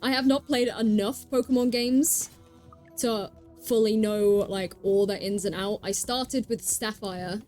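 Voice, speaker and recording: A woman's voice: medium pitch, fairly even intonation, a little slow, darkish tone, soft background music. A British woman hosting a live game stream, chatting casually and giggling as she reacts to the game aloud. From Britain. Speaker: streamer host. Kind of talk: casual gameplay chat.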